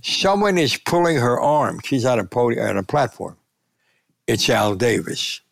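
An older man, a sportswriter, telling lively anecdotes in an interview and acting out the quotes. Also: medium pitch, a little slow, gravelly, no room sound. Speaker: sportswriter and columnist. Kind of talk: storytelling in a conversational interview.

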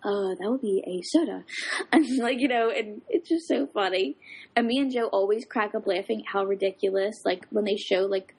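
This is a woman in a relaxed, casual chat, telling a story in a loose, rambling way. She leans on fillers and asides as she goes. Her voice has a gravelly, slightly husky texture. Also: mid-range voice, normal speed.

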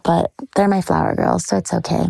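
A woman hosting a podcast, gushing through a personal monologue with heavy vocal fry and breathy, whispered trails. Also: lowish voice, fairly even intonation, a little fast, darkish tone, no room sound. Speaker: podcast host.

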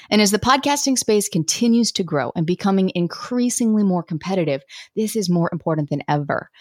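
A woman hosting a solo podcast, teaching with energy and acting out her listeners' complaints in quick voices. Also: fairly low pitch, no room sound, clean studio sound. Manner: animated, acts out listeners' voices. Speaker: podcast host and coach.

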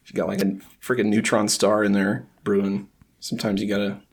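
A man's voice: lowish voice, level tone, fairly quick, husky. A man from the United States chatting casually on a podcast, rambling with lots of fillers. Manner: rambling, filler-heavy, self-deprecating.

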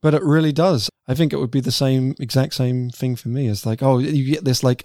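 A man's voice: medium pitch, fairly even intonation, fairly quick, few pauses, mellow, dry recording, studio quality. A man co-hosting a podcast, speaking candidly and with self-deprecating humor in a casual conversation.

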